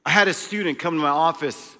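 A male preacher delivering a sermon, emphatic, swinging between loud and hushed delivery. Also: on the high side, fast talker, long reverb tail.

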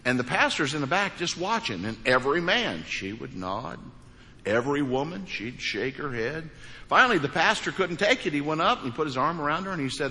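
Folksy pastor in a reverberant hall. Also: male voice, on the high side, very animated, a little fast, bright, forceful tone. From Missouri, USA. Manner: folksy storytelling, emphatic repeated phrases. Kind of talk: sermon with a joke. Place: church sanctuary. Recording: large hall with long reverb.

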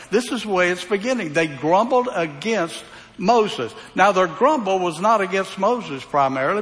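A man's voice: high-pitched, fairly bright tone. A man preaching a verse-by-verse Bible sermon in a folksy way, putting rhetorical questions to the congregation. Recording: reverberant hall sound.

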